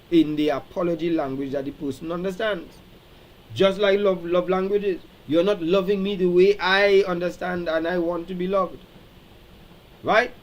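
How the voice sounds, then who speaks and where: A man hosting a live-stream talk, animated and preacherly, reading out viewer comments and acting out quoted speech. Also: high-pitched, low-quality recording. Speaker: show host.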